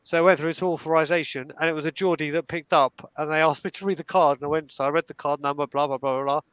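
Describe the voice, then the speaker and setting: A young man tells stories in an animated, casual way, often stumbling into restarts. His voice sits fairly high and sounds smooth and resonant. The sound is close and dry. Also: quick pace, dry recording, dull audio. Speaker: fan telling stories on a live stream. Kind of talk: casual storytelling.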